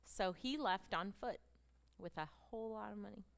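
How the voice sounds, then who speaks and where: Speaking at normal speed in a medium pitch with vocal fry, a middle-aged woman addresses a women's gathering on stage alongside slides. She tells her personal testimony with feeling, acting out the dialogue as she goes.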